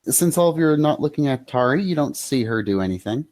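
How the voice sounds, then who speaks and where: A man narrating a tabletop game as game master, in a dry, deliberate way. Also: mid-range voice, lively intonation, darkish tone, no room sound.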